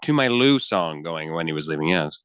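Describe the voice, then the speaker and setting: A man's voice: very deep voice, expressive, normal speed, fairly bright tone, smooth, no echo, studio quality. A man co-hosting a casual sports radio show, playful and teasing, laughing often. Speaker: radio co-host.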